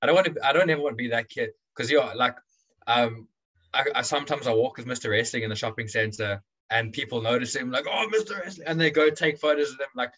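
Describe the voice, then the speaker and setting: A young man being interviewed as a guest, talking in a relaxed, rambling way with lots of restarts. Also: medium pitch, quick pace, highs cut off. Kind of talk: casual interview chat.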